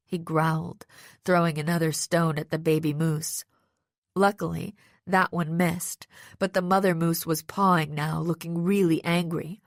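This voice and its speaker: A woman reading a first-person audiobook narration in a steady, even storytelling manner, close to the microphone. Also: fairly low pitch, a little slow, dry recording. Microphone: close studio microphone.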